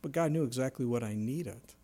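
A middle-aged pastor preaches a little fast, with soft background music behind him. He is animated, acting out quoted voices through sudden jumps in pitch and volume.

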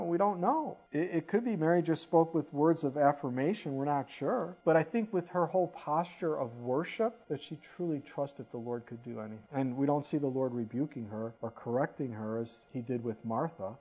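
A middle-aged man preaching a conversational sermon, swinging between loud emphasis and quiet, soft passages. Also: mid-range voice, breathy edge, muffled recording. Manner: conversational, rises and drops in volume for emphasis. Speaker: pastor.

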